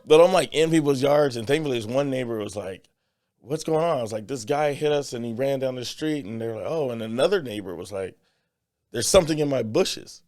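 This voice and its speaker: A man co-hosting a podcast, telling an animated story with acted-out quotes in a casual voice. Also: mid-range voice, fast talker. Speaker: podcast co-host. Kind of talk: casual chat.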